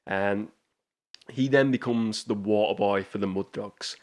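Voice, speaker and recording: Hosting a laid-back movie review show, this man speaks with a lowish voice at a measured pace, full of enthusiasm, frequent restarts, and rambling tangents.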